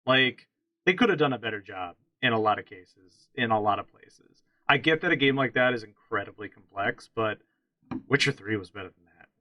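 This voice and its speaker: A man's voice: mid-range voice, animated, normal speed, dry recording, highs cut off. A man co-hosting a casual podcast, chatting about games with strong opinions and frequent restarts. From central Pennsylvania. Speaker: podcast co-host.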